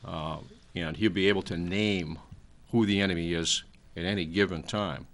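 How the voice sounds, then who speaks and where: Man, 60s, very low pitch, rambling, lecturing, trails off mid-sentence, talk show guest. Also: fairly even intonation, moderate pace. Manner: frequent fillers, trailing off.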